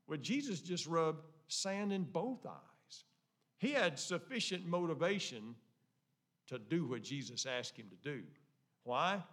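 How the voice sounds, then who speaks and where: Pastor preaching, bright tense voice a bit high, folksy, goes hushed then loud. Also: male voice. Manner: folksy, swings between hushed low lines and loud excited outbursts. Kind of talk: sermon. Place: church sanctuary.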